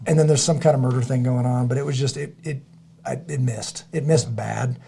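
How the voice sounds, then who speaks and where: A middle-aged man hosting a podcast in casual chat, rambling and halting, with many restarts and fillers. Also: mid-range voice, fairly even intonation, creaky, mellow, a little hiss or hum. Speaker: podcast host.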